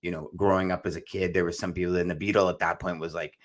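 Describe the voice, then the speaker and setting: A man's voice: low voice, little pitch movement, fast. A man co-hosting a podcast, talking in a loose, rambling way and calling his co-host "brother". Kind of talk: casual podcast chat.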